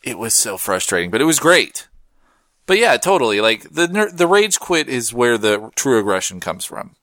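A man's voice: big pitch swings, normal speed, a bit bright, dry recording, clean studio sound. A man co-hosting a casual podcast, goofy and joking, riffing on the stories. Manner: goofy, riffs and jokes, swings pitch a lot. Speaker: podcast co-host. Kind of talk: casual chat.

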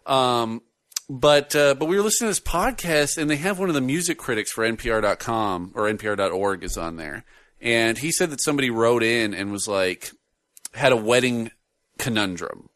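A man's voice: medium pitch, normal speed, no room sound. A man hosting a casual podcast, joking and laughing often as he chats with his co-host. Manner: animated, laughs often, jokey.

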